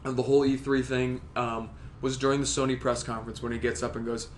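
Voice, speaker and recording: Excitable, swearing man co-hosting a podcast. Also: medium pitch, fast talker, slight background noise. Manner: rambling, excitable, swears a lot. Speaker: podcast co-host. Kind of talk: casual chat.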